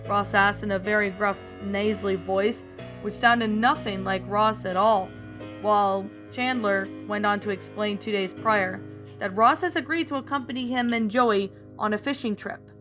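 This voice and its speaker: A woman's voice: medium pitch, steady tone, normal speed, over music. A woman narrator reading a fan story aloud, often stumbling and restarting words.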